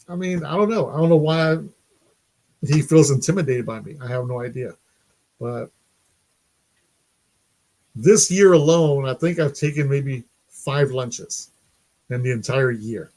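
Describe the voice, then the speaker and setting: A man's voice: mid-range voice, dark tone. Chatty middle-aged man streaming live. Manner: chatty, laughs often. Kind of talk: casual live stream chat.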